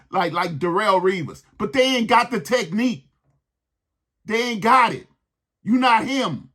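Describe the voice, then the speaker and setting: A man rants about his team with heated exasperation, hammering the same lines again and again. His voice sits high and swings widely in pitch. It has a bright, husky edge. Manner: heated, exasperated ranting with repeated phrases. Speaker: sports podcast host. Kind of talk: ranting sports commentary.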